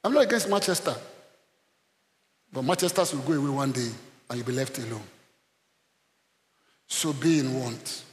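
A man's voice: mid-range voice, moderate pace, pauses often. Man preaching in a reverberant hall. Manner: animated preaching, bursts into shouts, repeats himself; addresses the congregation with call-and-response. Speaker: pastor. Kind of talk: sermon. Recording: long reverb of a large hall.

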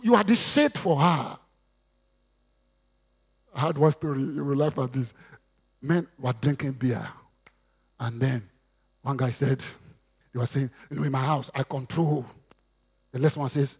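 A Nigerian man preaching a sermon in a high, lively voice. His tone has a husky, gravelly grain, and he swings widely in pitch as he acts out what others say. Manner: lively preaching with Yoruba asides and acted quotes. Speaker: pastor.

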